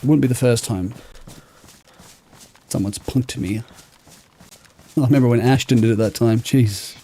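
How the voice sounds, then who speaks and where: A man's voice: mid-range voice, unhurried, mellow, slight background noise. A man streaming a game from bed, rambling and joking with his chat in a casual way. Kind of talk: casual livestream chat while gaming. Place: lying in bed.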